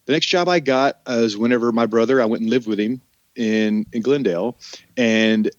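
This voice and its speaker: Guesting on a podcast, this middle-aged Oklahoma actor chats casually and animatedly, swearing freely and impersonating the characters in his tales. He speaks at normal speed in a mid-range voice, and the recording is muffled but echo-free.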